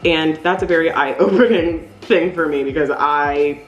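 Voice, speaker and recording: A woman's voice: sits low, a little slow, echoey room, highs cut off, a little hiss or hum. A woman in her thirties talking candidly in a casual, rambling vlog while decorating cookies, using lots of fillers. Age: 30s. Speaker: vlogger.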